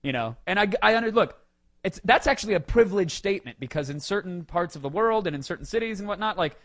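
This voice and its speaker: A man hosting a podcast, telling a story in a casual, comic way, with swings between loud and quiet. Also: high-pitched, expressive, fast talker. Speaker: podcast host.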